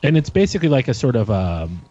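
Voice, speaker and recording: Dry hesitant guy on a podcast, warm low tone, muffled audio. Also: big pitch swings, fast talker. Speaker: podcast co-host. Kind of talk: casual chat. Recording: dull lo-fi sound.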